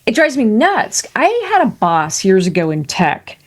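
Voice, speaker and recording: A woman speaking as a podcast guest, an animated storyteller who tosses in quick asides and jokes. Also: mid-range voice. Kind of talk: lively conversational interview.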